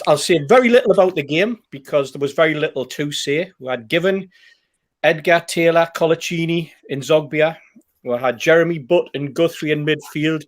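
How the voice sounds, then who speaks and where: A man, telling a rambling, anecdotal story in casual chat as a podcast host. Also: fairly high pitch. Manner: rambling, anecdotal, with fillers and repeats.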